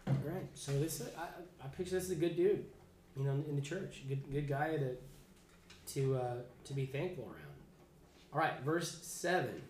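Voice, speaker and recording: A man with a fairly high voice leads a casual Bible class, chatty and loose, often stopping to restart a sentence. He sounds like he is in an echoey room, with faint noise underneath. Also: moderate pace, a little mellow. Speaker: Bible study teacher.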